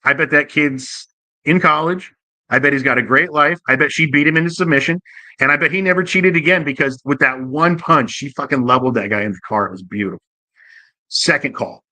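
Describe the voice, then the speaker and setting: A man hosting a show who tells a profane, jokey anecdote in a casual and animated way. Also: medium pitch, a little fast, long pauses, no echo. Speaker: host. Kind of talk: casual comic storytelling.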